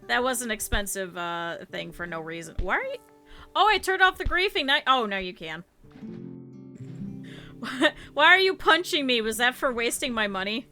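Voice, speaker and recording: A woman's voice: a little high, expressive, normal speed, pushed and bright, faint music behind. A woman streamer chatting to her viewers over gameplay, swearing freely and reacting to the game as she plays. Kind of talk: casual gameplay commentary.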